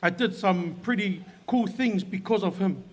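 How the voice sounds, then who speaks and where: A man giving a heartfelt eulogy at a funeral service, telling stories haltingly with many pauses. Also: high-pitched. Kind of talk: emotional eulogy. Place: church service hall.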